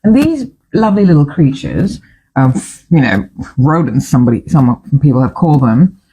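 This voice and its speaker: Woman talk show host, lowish mellow voice, very lively pitch, chatty and opinionated, wandering asides, studio. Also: normal speed, muffled recording, a little hiss or hum. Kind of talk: casual talk show chat.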